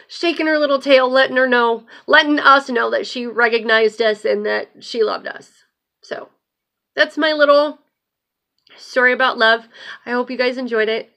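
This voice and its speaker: A woman in casual storytelling mode with a bright, forceful voice pitched a little above the usual. She talks bluntly and swears freely, keeping the tale loose and animated as the host of her own show. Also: normal speed.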